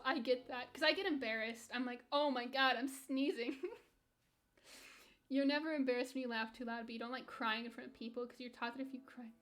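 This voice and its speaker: High-voiced young woman chatting candidly. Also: a bit bright. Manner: rambling and candid, with frequent restarts and light laughs. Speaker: streamer. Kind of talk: casual chat reading live chat while gaming.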